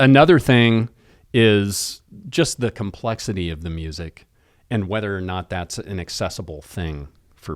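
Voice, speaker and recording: Deep-voiced man musing on music. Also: no echo, clean studio sound. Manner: thoughtful, rambling with restarts. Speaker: podcast co-host. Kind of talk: casual chat about music.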